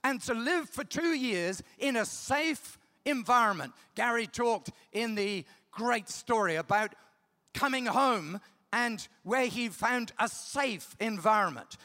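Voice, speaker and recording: A man's voice: very high voice, animated, takes it slowly, sharp tone. A middle-aged man preaching a sermon, emphatic, repeating key words and checking in with the audience. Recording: long reverb of a large hall.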